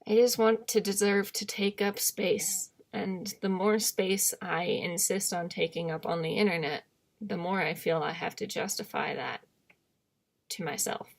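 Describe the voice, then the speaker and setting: A woman's voice: fairly low pitch, a little slow, gravelly. A young woman vlogging in a candid, rambling monologue, self-deprecating and often trailing off into murmurs.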